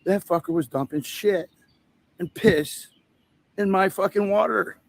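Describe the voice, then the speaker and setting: This man's voice sits high, unhurried and with vocal fry. He's a livestream host at an outdoor event setup with a tent, rambling in a casual, profane manner, sharing stories and laughing at his own jokes.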